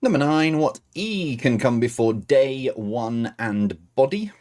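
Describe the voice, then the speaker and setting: A man hosting a livestream quiz, reading questions slowly between rambling, chatty asides. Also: medium pitch, animated, a little mellow. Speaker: quiz host.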